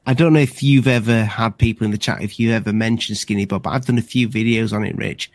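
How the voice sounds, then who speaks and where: A man's voice: lowish voice, steady tone, quick pace, no room sound. A man co-hosting a casual livestream chat, rambling and restarting his sentences often. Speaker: livestream co-host.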